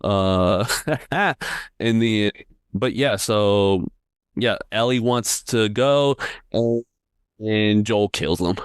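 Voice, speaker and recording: Chill dude on a podcast, lowish smooth voice, rambly with lots of likes. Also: male voice, drawn-out words, pauses often, no echo, studio quality. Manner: relaxed, rambling, lots of fillers. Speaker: podcast co-host. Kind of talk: casual recap chat.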